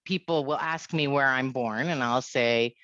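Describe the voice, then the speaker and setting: A woman from India with an American accent leading an online leadership workshop, lively and checking in with a frequent "right?". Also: extremely low pitch, a little slow, dry recording, muffled recording. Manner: lively, keeps asking "right?".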